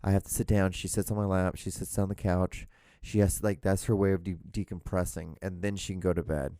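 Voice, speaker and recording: This podcast host has a low, warm, fairly quick voice with level tone, captured cleanly on a podcast microphone with no echo. Alone in a small room at home, he rambles casually, interrupts himself, restarts often, and swears now and then.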